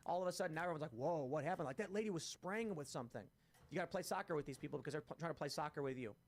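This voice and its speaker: Fast-talking, animated male host. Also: a little high. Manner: animated, rapid storytelling. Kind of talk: casual panel talk.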